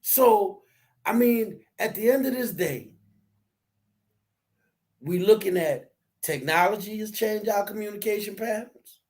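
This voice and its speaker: A man co-hosting a casual discussion, talking in a preachy, animated way that rises to near shouts. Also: sits high, measured pace, long pauses.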